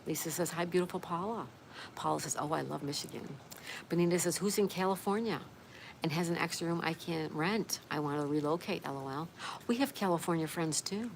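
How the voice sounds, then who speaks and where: Woman livestream host, low-pitched, friendly chat-reader, steady outdoor noise behind her. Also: brisk, gravelly. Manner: friendly, greets viewers by name one after another. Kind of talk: casual chat, reading viewer comments aloud.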